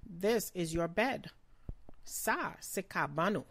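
A woman giving a slow vocabulary lesson, pronouncing each word carefully and repeating it. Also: on the low side, lively intonation, a bit bright, dry recording. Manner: slow, careful pronunciation with repetitions. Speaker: language teacher.

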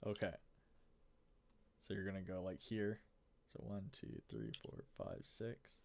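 A man's voice: low voice, sing-song, a little slow, vocal fry, a little hiss or hum. A man running a tabletop game as game master, casual and laid-back, swearing freely.

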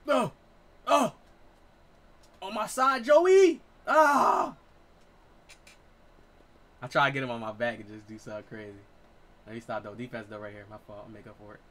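A man in his late twenties giving excitable, profane live gameplay commentary as a streamer, trash-talking. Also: mid-range voice, normal speed, pauses often. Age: 20s. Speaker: gaming streamer.

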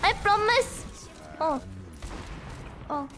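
Woman game streamer, hoarse with a cough; playful, giggly, unhurried, very high lively voice. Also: over music. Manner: giggly, playful, reads chat aloud between game reactions. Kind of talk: live gameplay stream, chatting with viewers.

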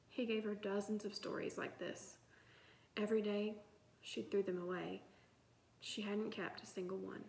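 A woman narrating a children's novel in an even storytelling manner. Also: mid-range voice, a little hiss or hum. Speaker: audiobook reader. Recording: roomy echo.

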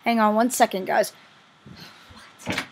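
A woman commenting casually on her own game play as a vlogger, chatty and easily excited, gushing over what she finds. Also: medium pitch, a little slow, a little hiss or hum. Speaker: gaming vlogger.

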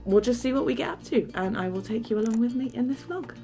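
A woman's voice: a little high, fast talker, heavy background noise. A young woman from England chatting upbeat to camera as a travel vlogger, laughing often. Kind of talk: casual vlog talk to camera.

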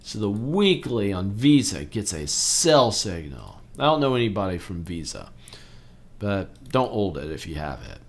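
Lively, slow-talking man reviewing stock charts. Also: lowish voice. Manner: excitable, exclaims over chart moves. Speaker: stock trading channel host. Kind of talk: casual chart walkthrough commentary.

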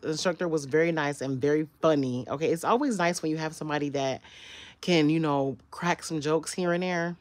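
In a lowish voice with no echo, a young woman from Michigan talks casually to her vlog viewers, sassily calling them girl and baby. She puts on an animated, sing-song story-time manner, the way one speaks to a child.

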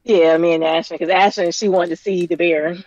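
A woman's voice: on the low side, steady tone, a little fast, darkish tone, muffled recording. A woman co-hosting a casual podcast from a remote call, telling a story with a lot of laughter. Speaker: podcast co-host.

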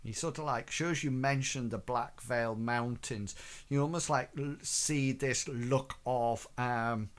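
Slow, hesitant game master. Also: male voice, medium pitch. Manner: hesitant, many fillers. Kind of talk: narrating a tabletop game.

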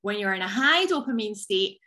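A woman giving an energetic motivational talk on a video training call, chatty and playful. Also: a little fast. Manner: energetic, chatty, jumps into high playful voices. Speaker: team leader on a training call.

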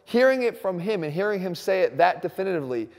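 A man explaining a workout as a fitness coach, talking emphatically and fast. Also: high-pitched, big pitch swings, darkish tone, in a large hall. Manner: emphatic and rapid. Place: gym.

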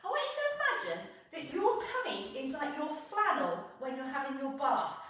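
A young British woman leads a children's pilates class in a high, bouncing, sing-song voice, cheering the little ones on. She sounds a little distant from the mic in a strongly echoing room. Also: big pitch swings, moderate pace, a bit bright. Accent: British English. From England. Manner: sing-song, encouraging, playful. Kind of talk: guided kids' movement class.

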